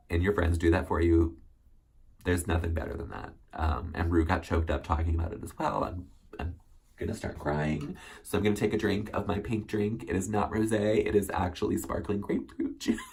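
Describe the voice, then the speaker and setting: Guy doing a chatty solo tv recap, husky low voice, lots of ums. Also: normal speed. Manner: chatty, rambling, many ums and self-corrections. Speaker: recap host. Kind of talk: casual solo recap chat.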